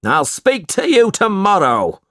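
A cruel schoolmaster gloats and barks orders in a storybook reading, acted by a man. He drags his words slowly with a rough, husky grain. His voice leaps about as he sneers. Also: lowish voice, wildly swooping pitch, no room sound, clean studio sound, full character voice. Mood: bullying. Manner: bullying, shouting.

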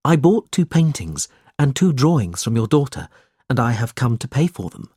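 An earnest, grateful young man, as a narrator voices him in a storybook reading. The husky voice moves lively in pitch and sits dry and close. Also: normal speed, no room sound. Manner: eager and polite.

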